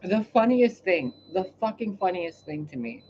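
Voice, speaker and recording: A woman talking in a casual, rambling monologue on her channel, cursing often and swinging between loud outbursts and quiet asides. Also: mid-range voice, animated, normal speed, lo-fi sound, a little hiss or hum. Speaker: spiritual reader and channel host.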